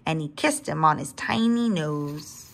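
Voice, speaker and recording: Woman reader, children's story read-aloud, expressive, talks to kids. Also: deep voice, a little slow, gravelly. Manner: expressive, with asides to young listeners.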